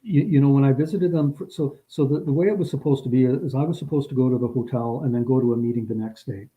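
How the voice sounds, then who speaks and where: A man's voice: medium pitch, fast, mellow. A man casually recounting a personal story, rambling with frequent restarts and growing emotional as he remembers. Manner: rambling, repeats words and restarts often; gets emotional recalling the story. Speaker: guest. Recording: dull lo-fi audio.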